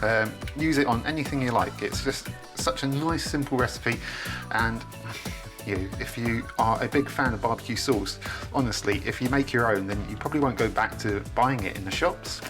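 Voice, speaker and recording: Guy doing a cooking vlog, mid pitch, chatty and keen, faint music under him. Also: moderate pace. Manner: chatty, enthusiastic, talks while cooking. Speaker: cooking vlogger. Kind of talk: casual cooking demonstration. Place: home kitchen.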